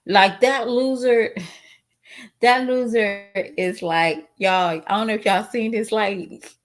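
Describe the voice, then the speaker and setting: This vlogger has a mid-range voice, fairly level intonation, and a slow pace. Talking directly to her audience in a casual commentary vlog, she's outspoken and emotional, her voice sometimes cracking as she gets tearful.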